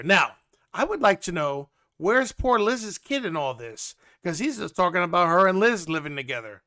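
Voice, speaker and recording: A man hosting a casual reality-TV recap, animated and sarcastic in a gossipy way. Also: high voice, normal speed. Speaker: host.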